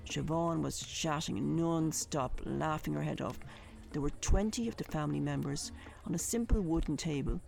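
A woman's voice: sits low, vocal fry, darkish tone. A woman telling a vivid personal story in a conversational, colourful way.

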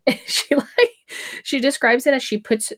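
A woman's voice: high voice, steady tone, moderate pace. A woman co-hosting a casual chat about a book, talking loosely with many fillers and easy laughter. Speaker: podcast co-host.

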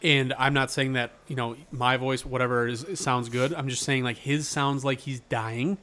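A man's voice: mid-range voice, fairly even intonation, normal speed, sharp tone. Profane, rambling male podcast co-host. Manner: loose, profane, rambling banter. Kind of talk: casual podcast chat.

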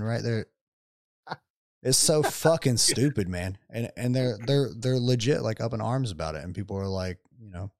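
A man co-hosting a gaming podcast, chatting casually with heavy swearing and animated rants. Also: mid-range voice, moderate pace, no echo, clean studio sound. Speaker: podcast co-host. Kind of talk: casual chat.

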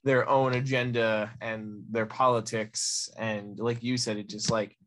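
A man's voice: on the low side, level tone, unhurried, fairly bright tone. A man co-hosting a podcast in casual chat, blunt and emphatic, often opening his points with "listen.". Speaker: podcast co-host.

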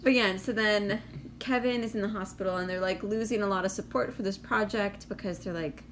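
A woman's voice: mid-range voice, brisk, a little hiss or hum. A woman in casual chat, recapping a TV episode and quoting characters, with plenty of "like" and "you know". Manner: chatty, retells scenes with lots of "like". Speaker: podcast co-host recapping a show.

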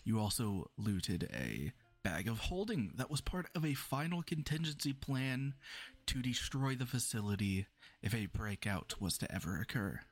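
A man narrating a tabletop role-playing session as game master, in a relaxed way and laughing often. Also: mid-range voice, normal speed.

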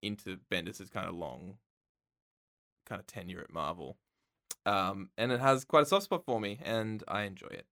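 A man co-hosting a podcast in casual chat, dry and teasing, often trailing off softly. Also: sits low, moderate pace. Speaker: podcast co-host.

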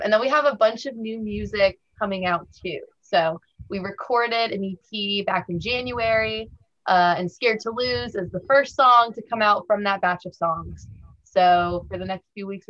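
A woman's voice: medium pitch, normal speed, fairly bright tone. A woman guest from a band, chatting casually and upbeat in a podcast interview. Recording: dull lo-fi audio.

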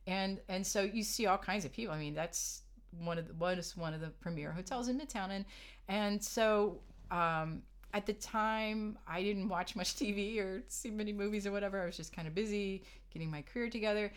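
A woman's voice: medium pitch, moderate pace, smooth. A middle-aged woman, a harpist guest, telling stories in a casual interview, chatty and laughing often as she quotes others.

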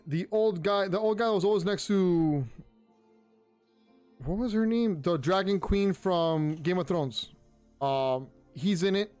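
High-voiced man rambling through a review. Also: a little mellow. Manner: rambling, repeats words, many ums. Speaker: pop culture show host. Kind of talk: casual solo review talk. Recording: faint music underneath.

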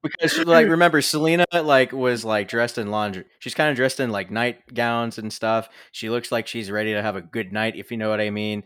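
A man co-hosting a casual movie review chat, animated, swearing freely and filling gaps with "like" and "um". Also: medium pitch, fairly quick, hardly any pauses, smooth, no echo, studio quality. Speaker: podcast co-host.

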